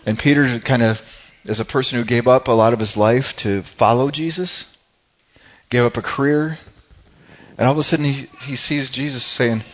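A man's voice: mid-range voice, moderate pace. A man preaching a sermon in a conversational way, asking his congregation questions. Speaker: pastor. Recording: dull lo-fi sound.

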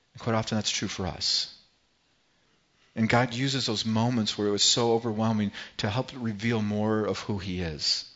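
A man's voice: on the low side, a bit bright. Earnest male pastor preaching, slightly muffled. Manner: earnest preaching, repeats words, rises and falls in intensity. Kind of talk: sermon.

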